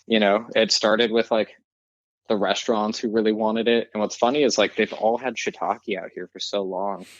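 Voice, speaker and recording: Low-voiced relaxed man, dull dry audio. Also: moderate pace, no echo. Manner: relaxed, says "like" often. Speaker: guest, mushroom grower. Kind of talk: casual podcast chat.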